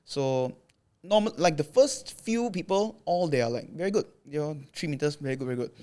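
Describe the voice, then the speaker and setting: A young man from Malaysia chats as a podcast guest, racing through a story at a quick clip. His voice sits a little high, and he fills his telling with "like" and acts out what people said. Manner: animated, filler-heavy retelling with acted quotes. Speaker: podcast guest, content creator. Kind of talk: casual storytelling chat.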